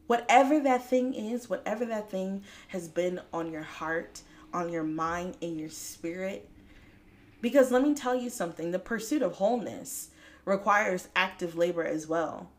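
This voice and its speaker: A woman hosting a faith-based motivational podcast, talking straight to listeners in a lively, preachy way and laughing often. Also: fairly low pitch, a little slow. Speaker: podcast host.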